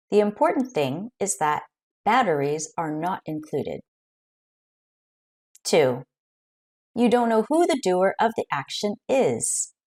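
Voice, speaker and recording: A woman teaching an English grammar lesson, explaining clearly and carefully with example sentences. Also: fairly low pitch, a little mellow.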